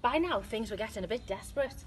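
A British woman, an infant school teacher, reading a picture book aloud to children in a slow, expressive read-aloud manner. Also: a little high, background noise. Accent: British English.

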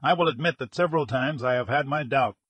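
A man doing a relentless, sharp police inspector. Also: mid-range voice, fast talker, breathy edge, dry recording. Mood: insistent. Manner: blunt, pressing questions.

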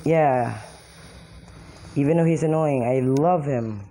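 A young woman giving excited gameplay commentary, exclaiming and laughing often as she plays. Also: rumbling low, slow, a little hiss or hum. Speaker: mobile game player.

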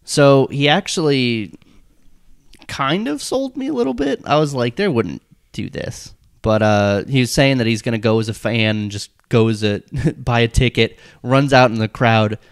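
A man's voice: mid-range voice, moderate pace, smooth, dry recording. Man, podcast host, casual chat, dry remarks, dry close-miked sound. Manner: steers the talk, dry remarks.

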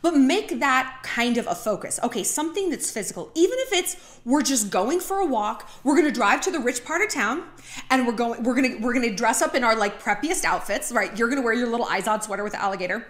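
Talkative woman host giving dating tips, fairly high voice, roomy room sound. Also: a little fast. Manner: talkative, heavy use of "like", animated asides. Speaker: vlogger giving dating advice. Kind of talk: casual chatty monologue. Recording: roomy echo.

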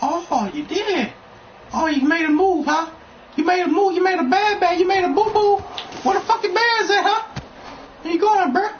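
A woman trash-talking loudly over her gameplay, shouting and laughing at the screen. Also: very high voice, moderate pace, slight background noise. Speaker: gamer. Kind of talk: loud gameplay commentary. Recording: dull capture with game music.

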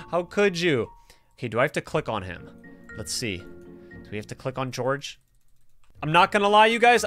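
A man giving live gameplay commentary as a gaming creator, excitable and talking to the game's characters and to his viewers. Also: fairly high pitch. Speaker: gaming YouTuber.

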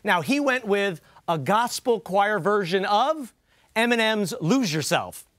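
A man's voice: high voice, expressive, a little slow, a bit bright, a little hiss or hum. A man hosting a comedy news show, delivering a wry, joking monologue and quoting others with mock emphasis. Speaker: host.

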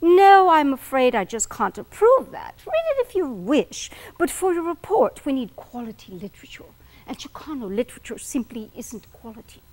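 A woman voicing a pompous, distinguished male college professor with an affected British accent, lecturing in a lofty, rapid way. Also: high-pitched, sing-song, a little mellow. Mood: dismissive.

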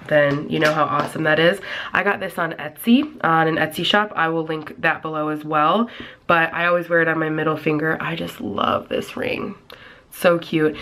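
A woman's voice: low-pitched, a bit bright. A young woman with a nasal voice, chatting casually to camera at home in a rambling vlog. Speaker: vlogger. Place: at home, indoors.

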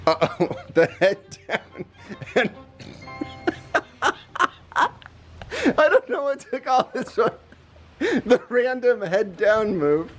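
A man hosting a family vlog, joking and laughing as he commentates a game with his kids. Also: high voice. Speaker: dad and family vlog host.

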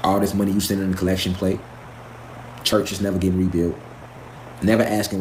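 A man's voice: low-pitched, flat delivery, fairly quick, pauses often, a little hiss or hum. A man giving a profane, preachy live stream lecture, firing off rhetorical questions. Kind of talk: impassioned live stream rant.

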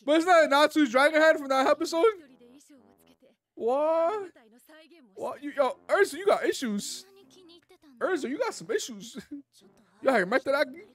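A channel host giving casual commentary while reacting to an anime, excitable, laughing often and swearing freely. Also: high-pitched, moderate pace, pauses often.

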